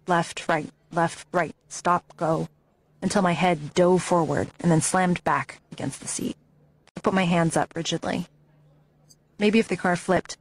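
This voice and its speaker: A woman narrating a memoir audiobook with intense, emotionally charged reading. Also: fairly low pitch.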